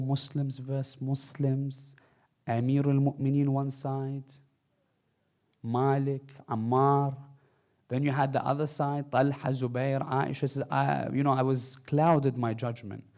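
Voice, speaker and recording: A man giving an impassioned sermon, swinging between soft, low passages and loud, high bursts, with recited Arabic phrases. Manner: impassioned, rising and falling delivery with Arabic recitation. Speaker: speaker. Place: mosque hall.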